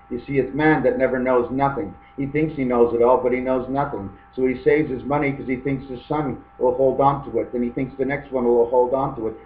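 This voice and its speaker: A man's voice: mid-range voice, echoey room, phone-quality sound. A man giving a meandering, free-associating webcam monologue, often tossing in "okay". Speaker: webcam vlogger. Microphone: webcam microphone.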